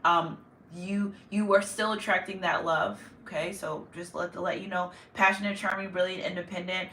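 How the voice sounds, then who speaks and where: Woman tarot reader, bright and sharp, rambling and emotional, echoey room with a distant mic. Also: fairly low pitch, flat delivery, normal speed, a little hiss or hum. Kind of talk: casual tarot reading to viewers.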